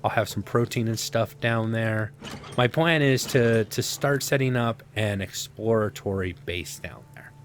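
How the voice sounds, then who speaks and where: A man's voice: on the low side, a little slow, a little hiss or hum. A man casually commenting on his own survival gameplay, rambling to himself with sarcastic asides. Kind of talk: casual let's-play commentary.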